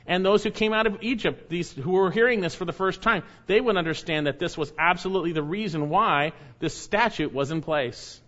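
A man's voice: sits high, pushed and bright. Guy preaching a bible sermon, emphatic, repeats stuff, kinda dull muffled sound. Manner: emphatic, repeats key phrases, reads scripture slowly. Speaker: pastor. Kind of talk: expository sermon.

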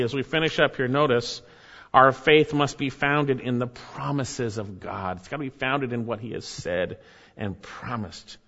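A man's voice: mid-range voice, a bit bright. A man preaching a sermon as pastor, earnest, with rising emphasis and asides to the congregation. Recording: dull, hall reverb.

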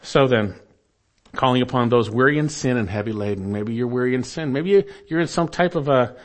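In a mid-range voice, this preacher speaks with earnest deliberation, letting his phrases slow and fade softer at the close for emphasis.

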